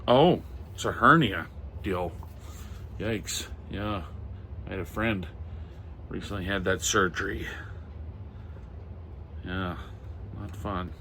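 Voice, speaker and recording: Speaking slowly with long pauses, this middle-aged man has a low, bright, forceful voice, with a little background noise behind it. He collects comics and pulps and chats casually in a show-and-tell, reading old pulp magazine titles aloud with wry, muttered comments.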